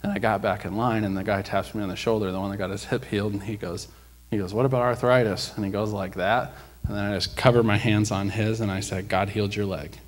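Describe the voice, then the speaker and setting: Male preacher, lowish voice, energetic storyteller who acts out quotes, rises loud when preaching. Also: fast talker. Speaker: preacher sharing a testimony. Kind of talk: sermon storytelling. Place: church.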